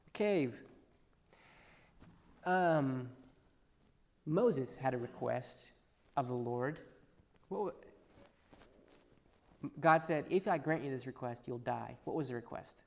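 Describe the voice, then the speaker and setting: A man preaching a sermon, swinging between loud emphatic passages and hushed asides. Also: mid-range voice, measured pace, creaky, pauses often. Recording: long reverb in a large hall.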